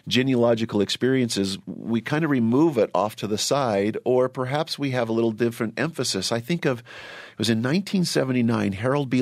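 A middle-aged man hosting a religious panel discussion, speaking earnestly and deliberately, often repeating words as he starts a thought. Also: medium pitch, no room sound, studio quality. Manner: earnest, measured, repeats himself. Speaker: host.

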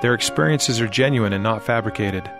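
A man reading a scripted introduction to a meeting recording in a measured, formal way. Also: fairly low pitch. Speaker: program narrator. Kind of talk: scripted narration. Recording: music playing underneath.

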